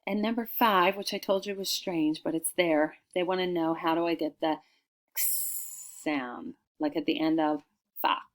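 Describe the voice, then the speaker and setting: In a fairly low, steady voice, a middle-aged female teacher records a spelling lesson for kids, pronouncing each word slowly and distinctly.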